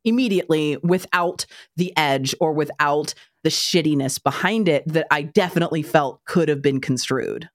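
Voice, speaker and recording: A woman's voice: low voice, moderate pace, hardly any pauses, dry recording, studio quality. A woman in her thirties co-hosting a parenting podcast, talking frankly with casual swearing and wry asides. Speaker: parenting podcast co-host and author. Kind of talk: casual chat.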